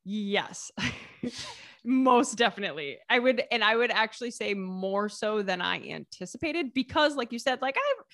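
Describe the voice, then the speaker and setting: An American woman talking casually as a guest, lively, with frequent laughs and fillers. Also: a little high, a little slow, no echo, clean studio sound. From United States. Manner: lively, laughs often, many fillers and restarts. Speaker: author and vlogger guest. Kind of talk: casual interview conversation.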